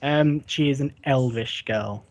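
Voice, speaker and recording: A man's voice: mid-range voice, unhurried. Game master guy narrating a tabletop game, lots of ums, hesitant. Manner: hesitant, with many fillers.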